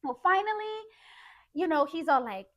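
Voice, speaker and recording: A woman's voice: very high voice, moderate pace, lo-fi sound. A woman co-hosting a podcast, telling a story in casual chat and acting out what people said. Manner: animated, acts out quotes. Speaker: podcast co-host.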